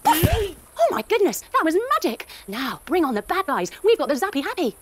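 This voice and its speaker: Animated woman narrating a kids yoga story. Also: high-pitched, fairly quick, very noisy. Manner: animated, with gasps and sound effects.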